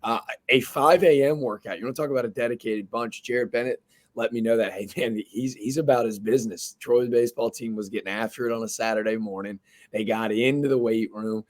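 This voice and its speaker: A man of middle pitch who hosts a sports talk show and speaks with casual, slangy enthusiasm. He sounds excited as he sets up questions for his guest. He sounds like he is on a video call. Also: brisk. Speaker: podcast host. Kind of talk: casual interview chat.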